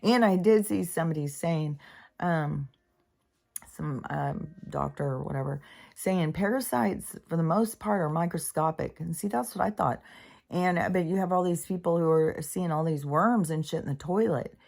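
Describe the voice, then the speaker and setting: A woman's voice: low-pitched, moderate pace, vocal fry, a little mellow. A middle-aged woman vlogging about spirituality in a meandering, casual monologue, full of fillers and swearing.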